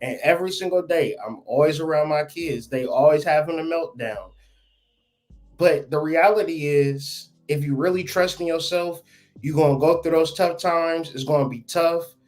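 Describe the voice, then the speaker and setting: A man in casual podcast chat, blunt and profane, telling lively stories as the guest. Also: on the high side, moderate pace. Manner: blunt, profane, animated storytelling.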